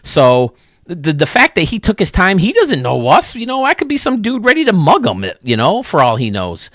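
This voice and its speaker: A man hosting a video game stadium show, chatting casually and excitably, with lots of restarts. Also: sits high, normal speed, no room sound, studio quality. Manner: rambling, excitable, many restarts. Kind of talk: casual chat.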